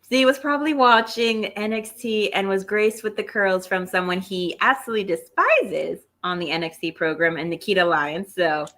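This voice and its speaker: A woman's voice: medium pitch, fairly bright tone. A woman co-hosting a wrestling review show, recapping in an offhand, breezy way.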